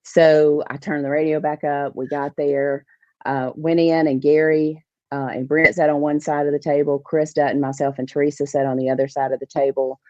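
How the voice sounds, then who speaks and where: A woman, a podcast guest telling a lively story about organizing fishing tournaments. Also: sits low, normal speed, no echo. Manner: animated storyteller, acts out others' lines. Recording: dull, dry podcast audio.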